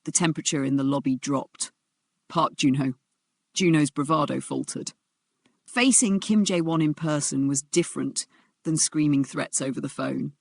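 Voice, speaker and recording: A narrator reading a dramatic story in a steady storytelling voice. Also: mid-range voice, moderate pace, vocal fry, no echo, studio quality.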